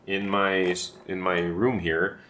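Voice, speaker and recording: A man's voice: sits low, flat delivery, slow, pushed and bright. A man giving a casual guitar tutorial from his home room, explaining step by step with chatty asides to the viewer. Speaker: guitarist and teacher.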